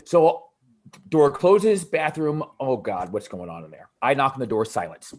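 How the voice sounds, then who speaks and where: A man who works as a DJ, telling a personal story in an animated way with halting restarts. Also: mid-range voice. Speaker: DJ asking a question.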